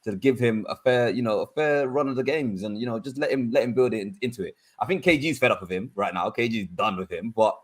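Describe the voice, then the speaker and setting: A man from London on a casual football panel, quick and teasing. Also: medium pitch. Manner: teasing, quick, laughs often.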